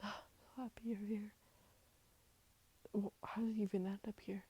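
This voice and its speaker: Woman whispering as a worried little boy, whispered role-play, mellow and breathy, hushed urgent questions. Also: mid-range voice, little pitch movement, normal speed, muffled recording. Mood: hushed relief. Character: young boy Henry, anxious, hopeful.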